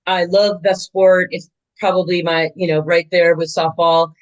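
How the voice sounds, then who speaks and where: A woman in her sixties with a slightly low voice tells long, animated stories from her years umpiring. She talks casually, full of fillers and restarts. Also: normal speed, muffled recording. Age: 60s. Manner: chatty, animated storytelling with many fillers. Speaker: softball umpire guest. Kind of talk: casual interview storytelling.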